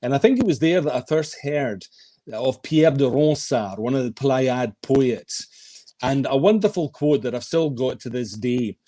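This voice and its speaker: Scottish man telling stories, mellow tone. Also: mid-range voice, animated, moderate pace. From west of Scotland. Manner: warm anecdotal recounting. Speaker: guest writer. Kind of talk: storytelling interview. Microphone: video call.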